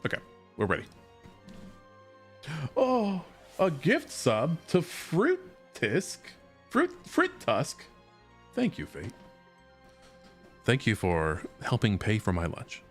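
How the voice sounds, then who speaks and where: A man's voice: mid-range voice, huge pitch swings, slow, pauses often, faint music behind. A man streaming a video game, chatting casually and joking with his viewers. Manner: chatty and joking, reads game text aloud. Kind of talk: casual let's-play chat.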